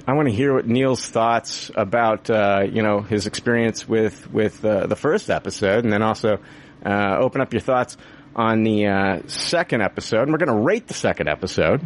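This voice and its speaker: A man hosting a casual podcast chat, animated and joking, laughing often and swearing casually. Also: medium pitch, slight background noise. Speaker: podcast host.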